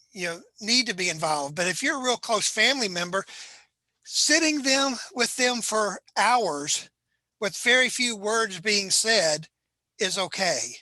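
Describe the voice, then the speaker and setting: A suicide prevention trainer giving unscripted advice on grief, talking in an earnest, gentle way with many "you know" asides. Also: mid-range voice, no room sound, rough recording.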